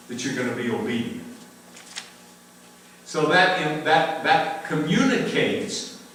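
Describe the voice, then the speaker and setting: An older American man teaching a church Q&A, lively and emphatic, laughing often and repeating words for emphasis. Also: on the high side, slight background noise. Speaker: pastor teaching a Q&A. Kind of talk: conversational Bible teaching. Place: church sanctuary. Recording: very echoey room, mic far off.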